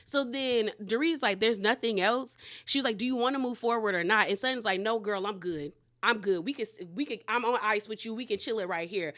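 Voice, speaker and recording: Recapping a reality TV episode casually, this woman talks in a fairly bright, higher voice, a little fast and with few pauses. Her delivery is blunt and slangy, and she performs the cast's lines as she recounts them.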